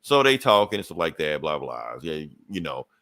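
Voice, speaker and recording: A man's voice: rumbling low, big pitch swings, moderate pace, bright, forceful tone. A man co-hosting a podcast, casually recapping a comic book plot with loose, profane phrasing and frequent "you know". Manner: chuckles between points. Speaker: podcast co-host.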